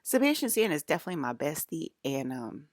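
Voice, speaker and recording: A woman's voice: low voice, very animated, fast, dry recording, clean studio sound. A woman talking straight to her viewers in a loose, rambling monologue, swearing freely and laughing often. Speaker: vlogger.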